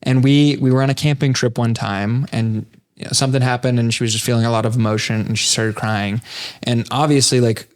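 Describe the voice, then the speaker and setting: A man's voice: medium pitch, fairly even intonation, fairly quick. A young man as a podcast guest, explaining his ideas in a reflective, thoughtful way. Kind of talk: casual conversation.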